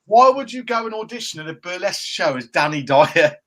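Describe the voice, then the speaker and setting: Man, slightly high voice, jokey, teasing, casual chat-show banter. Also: animated, fairly quick, fairly bright tone. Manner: jokey banter, playful mocking impressions. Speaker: co-host. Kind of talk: casual chat with live viewers.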